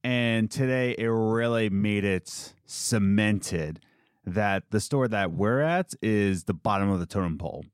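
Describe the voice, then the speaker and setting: A man's voice: fairly low pitch, measured pace, clean tone, no echo, studio quality. A young man, a coffee shop worker, venting in casual chat, rambling and exasperated, mocking the people he quotes.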